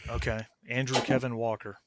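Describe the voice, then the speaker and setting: A man's voice: mid-range voice, flat delivery, normal speed, a crowd in the background. Easygoing man running a game. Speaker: game master. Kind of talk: casual pre-game chat.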